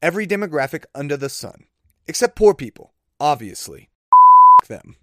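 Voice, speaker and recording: A man's voice: a little high, very animated, normal speed, fairly bright tone, dry recording. A man faking a brash British roast comic. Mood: mocking. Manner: clumsy put-on British accent drifting toward Australian. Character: male British comedian roasting a glitzy awards crowd.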